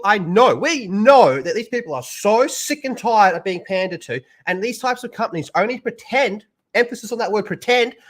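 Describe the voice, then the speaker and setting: A man's voice: high-pitched, a bit bright. A man ranting bluntly and profanely as a stream commentator.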